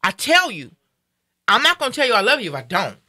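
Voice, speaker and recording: A woman's voice: a little high, sing-song, fast, sharp tone, dry recording, studio quality. A middle-aged woman hosting a live stream, talking earnestly and emotionally in casual chat, often repeating herself. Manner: earnest, preachy, repeats phrases.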